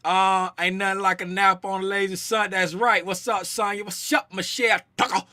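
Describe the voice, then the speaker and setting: A man runs a casual livestream, joking and calling out viewers in the chat by name. His voice sits high and sounds very bright and forceful. The sound is dry, with no room echo. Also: level tone, moderate pace. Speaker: livestream host and trading educator.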